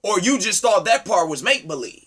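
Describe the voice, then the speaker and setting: A man delivering an impassioned, preachy monologue, firing rhetorical questions at his listeners and swinging from loud to low. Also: big pitch swings, a little fast, breathy edge. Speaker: speaker addressing his community.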